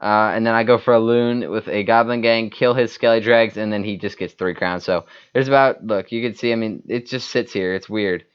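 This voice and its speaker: A man narrates his own gameplay in a loose, rambling way, stopping for fillers and backing up mid-sentence. His voice sits low and comes through smooth and even. The recording sounds a little dull and lo-fi. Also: moderate pace, few pauses. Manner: rambling, many fillers and restarts. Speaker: gaming YouTuber. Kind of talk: casual gameplay commentary.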